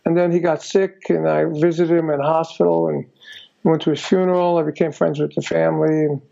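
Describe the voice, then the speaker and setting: An older man tells stories in a rambling way, packing his talk with "you know". His voice sits high and is heavily gravelly with a mellow, dark tone. The recording sounds dull and lo-fi. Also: level tone, a little fast. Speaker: guest musician. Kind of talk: casual storytelling interview.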